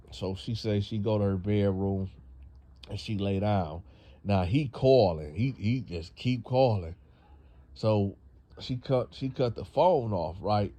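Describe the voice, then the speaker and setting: A man's voice: fairly low pitch, slow pace, dark tone. A man casually retelling a true story, rambling with fillers and restarts.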